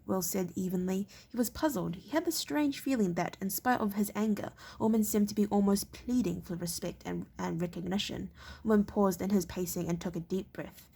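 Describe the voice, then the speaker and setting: Gravelly woman reading a novel aloud. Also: mid-range voice, mellow. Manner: halting, often stumbling and restarting words. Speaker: reader.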